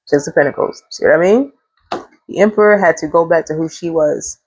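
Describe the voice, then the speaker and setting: Gravelly, husky woman giving a tarot reading. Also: low-pitched, a little fast, darkish tone, no room sound, rough recording. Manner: rambling, chatty, swears freely. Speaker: tarot reader.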